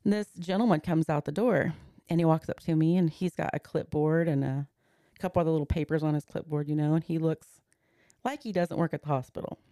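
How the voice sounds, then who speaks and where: A woman's voice: sits low, fairly even intonation, fairly quick, mellow, dry recording, clean studio sound. A woman in her forties, a podcast guest, earnestly recounting a personal story step by step and slipping into the words of the people in it. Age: 40s.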